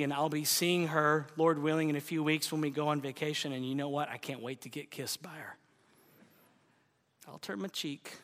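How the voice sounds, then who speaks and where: A male pastor delivers an animated sermon full of rhetorical questions. His voice sits high and sounds bright and forceful. It carries a long hall reverb from the church sanctuary.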